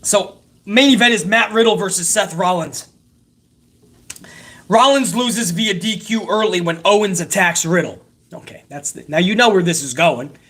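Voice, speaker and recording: A man's voice: high-pitched, normal speed, fairly bright tone. A man hosting a wrestling recap show, ranting in a heated, sarcastic way with constant swearing.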